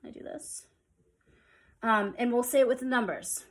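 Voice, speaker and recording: A woman's voice: fairly high pitch, animated, brisk, fairly bright tone. A woman teaching a music rhythm lesson, explaining step by step and counting beats aloud.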